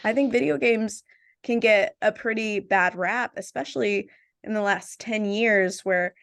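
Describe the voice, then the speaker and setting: A woman hosts a podcast in a relaxed, chatty way, telling stories about her family with quick asides. Her voice sits at an everyday middle pitch. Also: creaky. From family from Jamaica. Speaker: podcast host. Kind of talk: casual chat.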